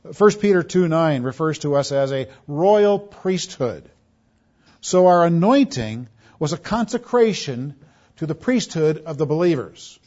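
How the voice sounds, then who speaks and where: Emphatic preacher, lo-fi recording. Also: male voice, a little high. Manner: preaching with emphatic swells and soft drops; repeats words when restarting. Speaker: pastor. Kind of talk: sermon. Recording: dull lo-fi sound.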